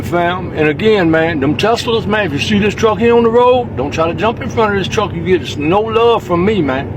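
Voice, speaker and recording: A man's voice: high voice, noisy background. A man ranting heatedly to camera from his vehicle, confrontational, peppering every line with "man" and "you understand".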